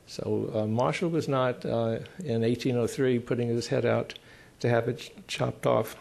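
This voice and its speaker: A man speaking at a conference panel on constitutional law. He explains in a measured way, pausing often, with dry, emphatic asides. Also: mid-range voice, vocal fry. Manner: measured, explanatory, with frequent pauses.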